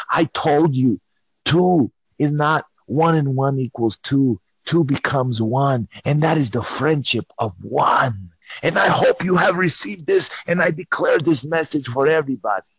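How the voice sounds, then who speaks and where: A man's voice: medium pitch, measured pace, husky, no room sound. A man telling a playful, improvised comic story over a call, theatrical, dropping into whispers and silly voices.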